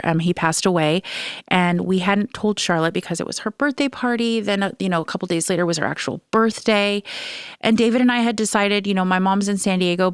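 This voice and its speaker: A woman's voice: lowish voice, clear, resonant tone, dry recording, studio quality. Candid, rambling woman podcast host. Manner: rambling, candid, with frequent restarts. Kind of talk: casual solo podcast talk.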